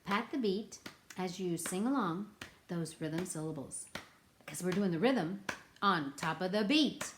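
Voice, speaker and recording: A woman teaching a children's music lesson, playful and animated with a sing-song delivery. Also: on the low side, measured pace, slight background noise.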